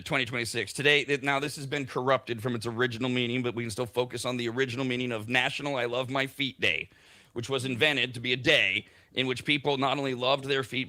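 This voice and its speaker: Bright-voiced male radio host. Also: mid-range voice. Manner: chatty, reads out the day's facts. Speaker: morning show host. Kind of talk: casual morning radio chat.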